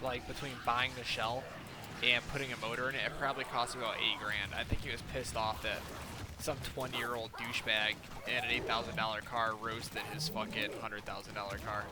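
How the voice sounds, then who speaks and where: A man's voice: mid-range voice, level tone, a little fast. A young man in his twenties telling a rambling, profane story in casual chat while gaming, full of fillers. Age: 20s. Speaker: gaming streamer. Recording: noisy background.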